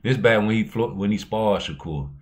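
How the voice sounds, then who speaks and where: Slangy, profane talk-show host, lower voice. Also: male voice, expressive, normal speed. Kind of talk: casual chat.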